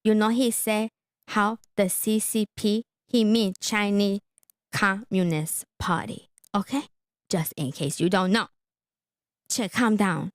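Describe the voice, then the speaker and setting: A woman hosting a live reaction stream, chatty and quick to laugh, who keeps checking in with "okay?" as she comments. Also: medium pitch, fairly even intonation, no echo, studio quality.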